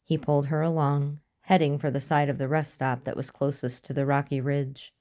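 A woman reads a thriller aloud in a measured, suspenseful narrating voice. Her tone is low and dark, smooth and mellow rather than bright, and she keeps an even, controlled delivery. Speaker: audiobook narrator. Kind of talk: scripted narration.

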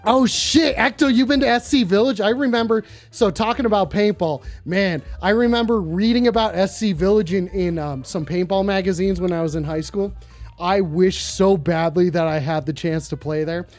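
A live-stream host in their thirties taking phone calls, talking in a loud, profane, casual way and often bursting into shouts. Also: medium pitch, normal speed, faint music behind. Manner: excitable, swears constantly, bursts into shouting.

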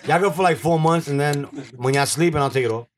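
A man's voice: a little high, quick pace. A man hosting a casual talk show, joking loosely in crude slang. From Puerto Rican and Dominican heritage. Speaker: podcast host.

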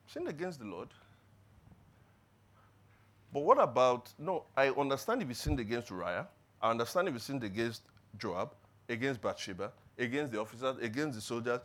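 A man preaching a sermon in church, asking rhetorical questions and building to loud emphatic peaks before dropping low. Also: sing-song, moderate pace, long pauses. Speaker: pastor.

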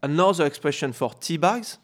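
A man's voice: on the high side, expressive, fairly quick. A man from France with a French accent, co-hosting a comedic podcast in careful English and searching for words. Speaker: podcast co-host. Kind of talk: casual comedic podcast chat.

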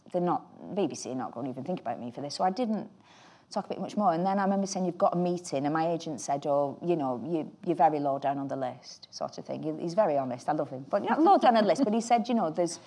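A woman's voice: sits low, fast, mellow. An actress with a Northern English accent, chatting in an interview and telling rambling anecdotes about her roles. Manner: chatty, anecdotal, trails off mid-sentence. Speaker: actress guest. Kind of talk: relaxed interview chat.

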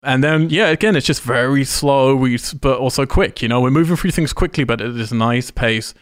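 A man's voice: mid-range voice, brisk, no echo, studio quality. A man hosting a casual film discussion, enthusiastic and freely swearing as he breaks down scenes. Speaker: podcast host.

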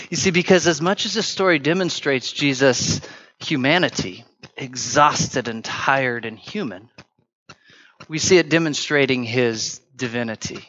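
A man's voice: medium pitch, unhurried, fairly bright tone, dull audio. A man preaching a sermon as pastor, speaking in a conversational way with frequent fillers and restarts. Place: church.

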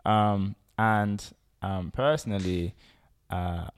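A low-pitched man talks in a loose, chatty way. He fills his sentences with ums and repeats himself as he goes. It sounds like a casual podcast conversation among friends. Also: slow. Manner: relaxed, chatty, with many fillers and repeats. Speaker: podcast co-host. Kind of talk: casual chat.

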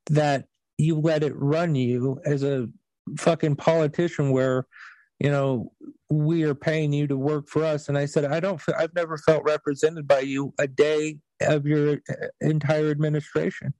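A man's voice: fairly high pitch, level tone, normal speed, warm tone, no room sound, rough recording. A man hosting a podcast, telling stories in casual chat with blunt, profane language. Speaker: podcast host.

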